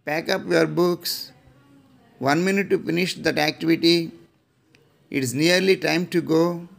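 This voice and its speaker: Middle-aged male English teacher, Indian English accent, unhurried, reads set phrases with careful repeats. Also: on the high side, fairly even intonation, creaky. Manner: slow, deliberate phrase-by-phrase reading with repeats. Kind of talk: reading out classroom phrases.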